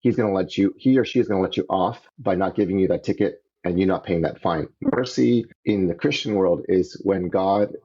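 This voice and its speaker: A man from Canada, a podcast guest, telling his story in an earnest, animated way and acting out the voices he quotes, on dull lo-fi audio. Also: low voice, brisk, hardly any pauses, slightly rough. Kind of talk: casual storytelling interview.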